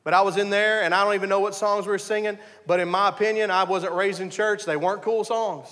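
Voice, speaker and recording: A man's voice: high voice, fairly even intonation, fast, fairly bright tone, long reverb tail. A man preaching a conversational sermon, telling his story earnestly and often restarting his sentences. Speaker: pastor.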